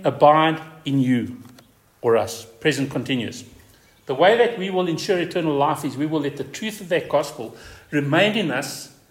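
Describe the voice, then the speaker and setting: Emphatic man preaching a sermon. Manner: emphatic preaching, repeating key words, pitch swinging high for stress. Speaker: pastor.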